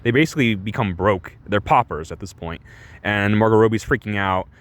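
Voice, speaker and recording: A man's voice: on the low side, fairly quick. A man rambling casually through a movie review, restarting his sentences often and filling the gaps with "like" and "you know". He swears freely.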